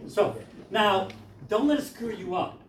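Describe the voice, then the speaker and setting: A man's voice: sits high, lively intonation, crowd noise. A man leading a choir rehearsal, explaining how to sing a passage and singing lines to demonstrate. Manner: explains briskly, then sings lines to demonstrate. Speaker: choir director. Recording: echoey room from far off.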